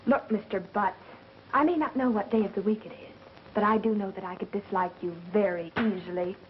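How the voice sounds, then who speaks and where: An actress playing a quick-witted, sarcastic young woman who works as an ad executive, in a 1930s film. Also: mid-range voice, natural voice. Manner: sassy, sarcastic. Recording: dull 1930s film soundtrack, faint hiss.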